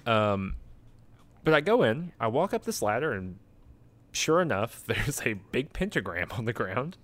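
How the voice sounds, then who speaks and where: A man's voice: mid-range voice, sing-song, measured pace, a bit bright. A sleepy man in casual chat, rambling and chuckling as he retells a video game and quotes its characters. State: sleepy, yawning.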